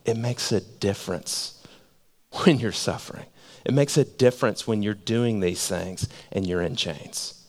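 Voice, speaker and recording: A male pastor preaching a sermon in a conversational way, repeating phrases for emphasis and dropping to a hush. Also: on the low side. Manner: conversational, repeats phrases for emphasis, swings between loud and hushed.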